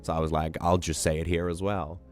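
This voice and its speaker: A hoarse man who is losing his voice, hosting a casual livestream and teasing his chat in a playful, talkative way. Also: low voice, flat delivery, fairly quick, faint music behind. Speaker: livestream host.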